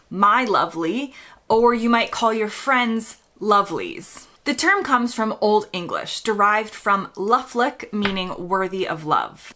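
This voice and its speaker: A woman's voice: mid-range voice, fairly bright tone. An American woman hosting her own video, explaining words in a chatty, upbeat way. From United States. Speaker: YouTube host. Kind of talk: casual explainer to camera.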